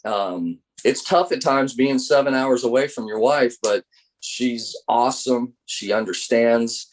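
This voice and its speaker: A man's voice: medium pitch, a little slow. A middle-aged man, a college baseball coach, telling stories in an interview and acting out the voices of the people he quotes. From United States. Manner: animated storyteller acting out quoted dialogue. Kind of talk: interview storytelling.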